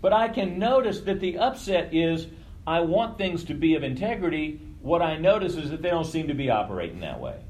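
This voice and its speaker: A man's voice: a little high, very animated, a little fast, a little mellow, a little hiss or hum, low-quality recording. A man leading a group session in a casual teaching talk, conversational, swearing freely and often checking in with his listeners. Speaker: workshop leader.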